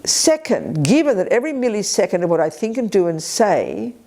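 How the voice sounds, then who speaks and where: A woman giving a spirited, blunt Buddhist teaching at a retreat, with quick asides and colloquial swearing. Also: mid-range voice, big pitch swings, dark tone. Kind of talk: dharma teaching to a live group. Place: retreat center hall.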